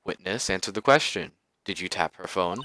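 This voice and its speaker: A man voicing a stern older male judge in a game, speaking slowly and formally. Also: sits low, expressive, pushed and bright, a little hiss or hum.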